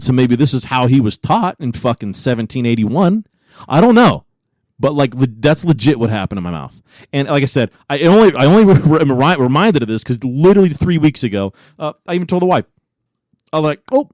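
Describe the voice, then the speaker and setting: 40s guy cohosting a podcast, swearing and laughing through stories, highish voice, dry mic. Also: no room sound. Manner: profane, animated storyteller who laughs often. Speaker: podcast co-host. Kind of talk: casual chat.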